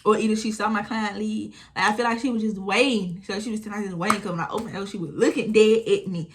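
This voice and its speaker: Animated young woman telling a storytime. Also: mid-range voice, fast, background noise. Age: 20s. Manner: animated retelling, acting out quotes, frequent swearing. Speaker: storytime vlogger. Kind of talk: casual storytime chat.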